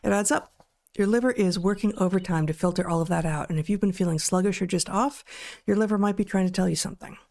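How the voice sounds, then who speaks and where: A woman's voice: mid-range voice, a little mellow. Woman with a dry, wry manner, podcast host. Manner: dry, wry, a bit halting. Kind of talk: casual chat and read ad.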